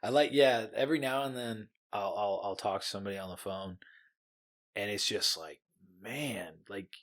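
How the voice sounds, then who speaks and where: A man's voice: on the low side, steady tone, fairly quick. A man from the US co-hosting a podcast, teasing his friend and laughing, with frequent swearing. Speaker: podcast co-host. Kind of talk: casual chat.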